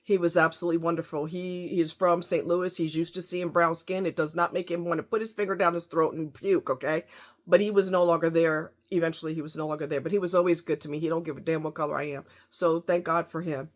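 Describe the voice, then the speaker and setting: A woman's voice: fairly low pitch, fairly even intonation, quick pace. A woman ranting angrily to camera, cursing heavily with heated, emphatic delivery. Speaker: vlogger. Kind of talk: angry rant to camera.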